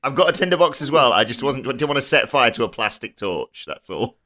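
A man joking through a tabletop game session with friends. His voice is bright and forceful, with a playful bounce. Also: mid-range voice, very animated, brisk, a little hiss or hum. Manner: playful, jokey. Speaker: player. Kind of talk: tabletop role-play chat.

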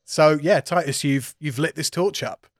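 A man's voice: on the high side, moderate pace, dry recording, studio quality. A man running a tabletop game as game master, chatty and often laughing. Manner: giggly, loose and chatty.

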